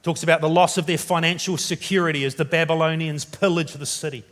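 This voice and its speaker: A New Zealand pastor preaches a sermon at a quick pace in a slightly high, flat voice. When he gives voice to the biblical writer's questions, he turns dramatic and loud.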